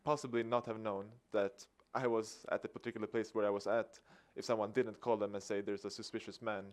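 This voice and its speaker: A man's voice: on the low side, brisk, clean tone. Swedish man telling a story. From Sweden. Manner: lively storyteller acting out dialogue with a chuckle. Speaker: activist speaker. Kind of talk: public talk.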